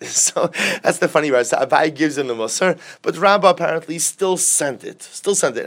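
Lively man teaching a Talmud class. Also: a little high. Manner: lively, conversational, asks rhetorical questions and urges listeners to listen.

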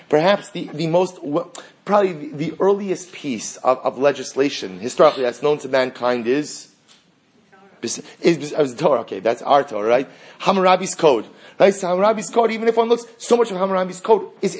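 A man teaching a Talmud class in an animated way, acting out the exchanges he reads and asking rhetorical questions. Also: on the high side, slightly rough.

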